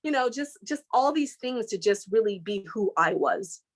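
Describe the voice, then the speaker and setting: A woman, an interview guest from California, telling stories with lively voice imitations and quick pitch jumps. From Inglewood, California. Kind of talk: animated storytelling.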